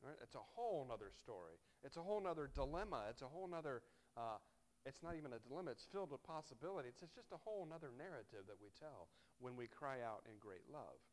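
A man preaching a sermon in a conversational, wry way, often tossing in "right?" and swinging between soft, low reflection and loud, animated emphasis. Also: fast talker. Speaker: pastor.

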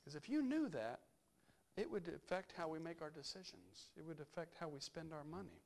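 A male pastor giving a conversational sermon, reflective and unhurried, thinking aloud as he goes. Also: on the high side, expressive, creaky, darkish tone.

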